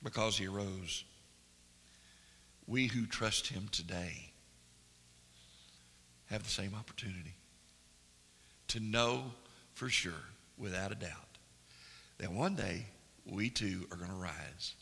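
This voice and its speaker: A man preaching a sermon, moving between hushed, slow emphasis and loud, excited storytelling. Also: low-pitched, creaky, husky. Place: church sanctuary. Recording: long reverb of a church hall.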